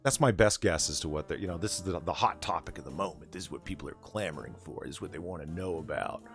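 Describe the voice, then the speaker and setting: Deep-voiced man ranting late at night. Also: fast talker, faint music behind. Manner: ranting, profane and sardonic. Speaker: host. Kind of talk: late-night casual chat.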